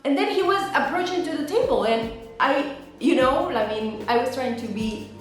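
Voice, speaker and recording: A woman, telling a storytime vlog and acting out quotes with dramatic jumps in pitch. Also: animated, normal speed. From Mexico. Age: 30s. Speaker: vlogger. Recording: very echoey room, faint music.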